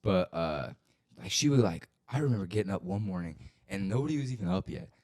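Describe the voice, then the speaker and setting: A young man with a deep, low voice tells a rambling, profanity-laced story in casual podcast chat. He leans on "like" constantly and grows loud and worked up when the story turns scary. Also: brisk. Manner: rambling, profane, full of "like" fillers, gets loud and excited at scary parts. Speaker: podcast co-host.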